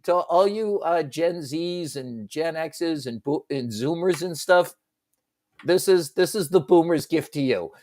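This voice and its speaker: A middle-aged man co-hosting a radio talk show, chatting casually and breaking into animated shouted movie quotes. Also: a little high, a little slow. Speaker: radio sports talk co-host.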